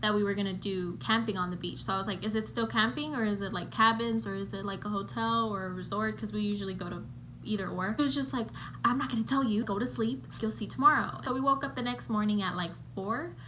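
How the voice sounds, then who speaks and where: A young woman from Costa Rica telling an animated storytime on her own channel, acting out what others said. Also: quick pace, a little hiss or hum. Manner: animated storyteller who acts out quotes in high shrieks. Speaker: YouTuber. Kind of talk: storytime vlog.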